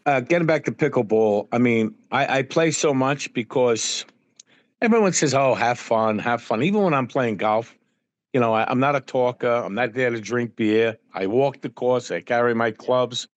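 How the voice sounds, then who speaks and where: On a podcast, a male guest with a mid-range voice tells casual anecdotes at a moderate pace, acting out their dialogue and using many fillers. The sound is lo-fi with no echo.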